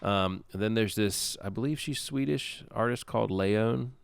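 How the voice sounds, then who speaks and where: Deep gravelly man, casual banter. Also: normal speed, no echo. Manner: playful banter. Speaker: podcast co-host. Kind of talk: casual chat.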